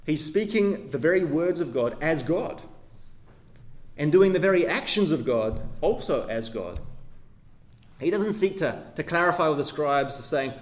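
A male pastor delivers a sermon, reading a passage aloud before explaining it. His voice sits a little high and moves with a lively, wide-ranging pitch. He speaks emphatically, stressing key words and checking in with the listeners. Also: unhurried. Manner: emphatic, rising and falling delivery with tag questions.

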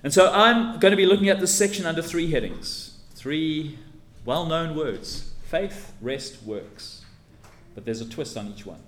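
A man's voice: fairly high pitch, animated, a little slow, a bit bright. A man preaching an expository sermon, teacherly and emphatic, leaning hard on key words as he sets out his points. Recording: echoey room with faint ambience.

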